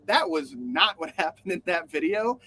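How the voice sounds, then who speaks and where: A man co-hosting a casual podcast, his voice high and swinging widely in pitch. He rants with swearing and acts out quotes in funny voices. The sound is dry and close. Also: big pitch swings, a little slow, pushed and bright, dry recording, shouting. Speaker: podcast co-host. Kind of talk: casual news chat.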